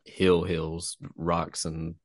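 A man's voice: low-pitched, completely flat delivery, extremely slow, no echo, studio quality. A man from Texas, a writer talking loosely and profanely as a guest in a casual interview. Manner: loose and profane, laughing easily.

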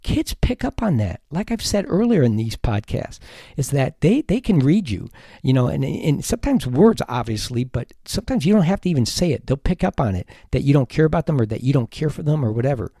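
A man's voice: medium pitch, very animated, brisk, gravelly, warm tone, no room sound, studio quality. A man, a teacher hosting an advice podcast, talking earnestly and emphatically, at times heated.

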